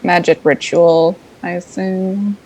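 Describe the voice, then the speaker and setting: A woman's voice: on the low side, flat delivery, slow, a little mellow, highs cut off, slight background noise. A woman playing a tabletop game, answering the game master in brief, eager replies. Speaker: player.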